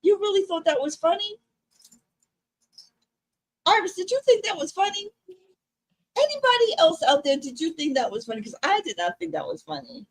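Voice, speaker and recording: High, lively husky-voiced woman. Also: rough recording. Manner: animated, incredulous, quick to laugh. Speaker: podcast co-host. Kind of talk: casual chat.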